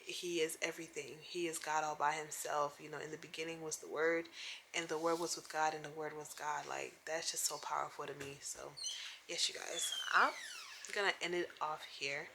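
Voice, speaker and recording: A young woman vlogs from home into her phone, chatty and enthusiastic, peppering her talk with "like". Her voice sits low in pitch yet sounds bright and forward. A faint hiss of noise runs under the recording. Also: little pitch movement, moderate pace, rough recording. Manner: chatty and enthusiastic, full of "like" and religious praise. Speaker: vlogger. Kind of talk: casual vlog chat. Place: home indoors.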